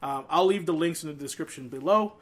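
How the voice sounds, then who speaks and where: A man's voice: on the high side, fairly quick. A man hosting a casual gaming podcast, rambling with lots of fillers and restarts. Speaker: podcast host.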